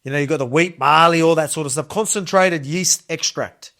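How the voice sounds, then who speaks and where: A man's voice: a little high, steady tone, normal speed, hardly any pauses, fairly bright tone. A man in his thirties with an Australian accent, chatting casually through a kitchen cooking demo in a rambling, enthusiastic way. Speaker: cooking video host.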